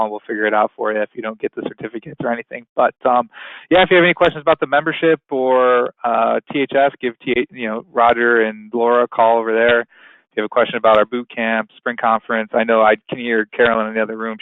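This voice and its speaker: A man hosting a webinar in a casual, rambling way, filling pauses with "you know". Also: medium pitch, no echo. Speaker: webinar host. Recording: tinny phone-line sound, dry.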